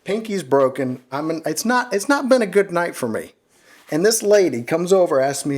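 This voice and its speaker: A man on a casual podcast telling a wild personal story, animated and swearing freely, laughing at his own misfortune. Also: a little high, normal speed. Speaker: podcast co-host.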